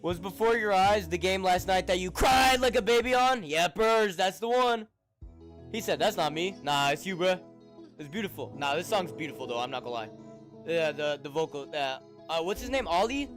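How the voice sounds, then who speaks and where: A man's voice: sits high, expressive, moderate pace, over music. A young man streaming, chatting casually and profanely, rambling and laughing often.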